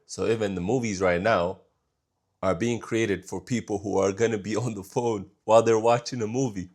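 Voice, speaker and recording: A man hosting a reaction video, musing casually and often trailing off quietly, with repeated remarks of disbelief. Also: lowish voice, steady tone, normal speed.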